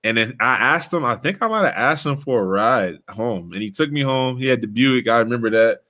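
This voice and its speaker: A young man hosting a relaxed conversation, telling his story with lots of slang and an easy back-and-forth rhythm. His voice sits at an ordinary middle pitch and jumps up high when he gets excited. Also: fairly quick. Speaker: podcast host, former player. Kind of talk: casual storytelling chat.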